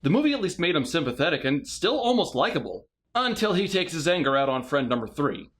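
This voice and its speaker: A man's voice: a little high, sing-song, fast talker, noisy background. A man narrating a scripted comedic movie review with sarcastic, mocking asides.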